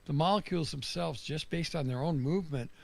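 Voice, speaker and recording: Gravelly man explaining calmly. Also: a little high, a little fast. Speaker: caller in a debate. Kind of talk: debate.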